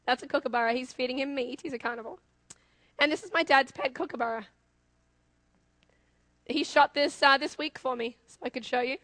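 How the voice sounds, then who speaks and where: Aussie woman giving a sermon, high pitched, keeps asking the crowd stuff, dry close mic. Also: brisk, long pauses, dry recording. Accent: Australian. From Australia. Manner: lively, talks directly to the congregation with questions. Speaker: preacher.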